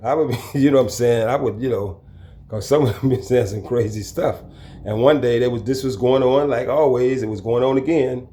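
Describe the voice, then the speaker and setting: A man telling a story from his own life in a casual, lively way, acting out the people in it. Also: medium pitch, a little fast, a little hiss or hum. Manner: animated, acts out the people in his story, chuckles. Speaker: storyteller recounting his prison time. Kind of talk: casual spoken storytelling to camera.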